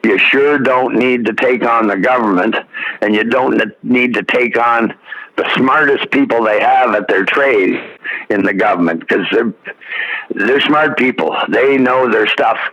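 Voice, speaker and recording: A man's voice: medium pitch, a little slow, a bit bright, slightly rough, dull audio. A man from Ontario co-hosting a casual talk, giving earnest, folksy advice with frequent restarts. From Ontario, Canada. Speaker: podcast co-host.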